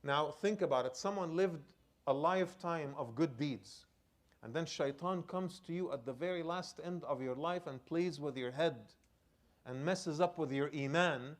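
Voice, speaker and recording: Man, imam, sermon, fairly high pitch, dramatic storytelling, hushed low moments. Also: moderate pace. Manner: storytelling with sharp swings between loud outbursts and hushed low lines.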